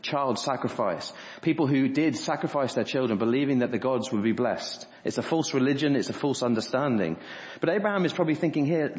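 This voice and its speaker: A man's voice: lively intonation, fast talker, a little mellow. Man preaching in an echoing church. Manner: earnest preaching, voicing quoted speech with rising pitch. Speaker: pastor. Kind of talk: sermon. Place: church hall. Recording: dull reverberant church recording.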